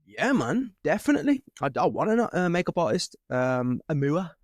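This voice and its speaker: Young male host, lively and loose, dry close sound. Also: fairly high pitch, moderate pace, no room sound. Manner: animated, swearing, laughing storyteller. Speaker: podcast host. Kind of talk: casual podcast chat.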